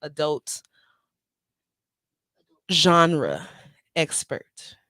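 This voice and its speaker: A middle-aged woman with a low-pitched voice draws out her words as she hosts an open mic show, heard in a dry recording. She chats casually and animatedly with her viewers and her guest, drawling and talking straight to the audience.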